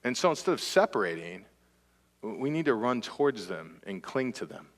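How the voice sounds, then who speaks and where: A man from Texas preaching a sermon as pastor, swinging from impassioned outbursts to quiet, earnest appeals. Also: mid-range voice, sing-song, moderate pace, big-room sound. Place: church sanctuary.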